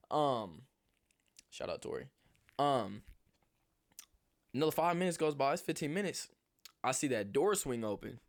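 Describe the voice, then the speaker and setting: Young man, casual storytime vlog, rambling, profane, animated, mid-pitched voice. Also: unhurried, pauses often. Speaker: vlogger.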